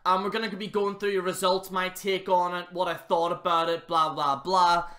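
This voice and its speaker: Speaking a little fast in a flat, high-pitched voice with a fairly bright tone, a man on his own channel reviews a wrestling show. The rant rambles, mocks freely, and is laced with swearing.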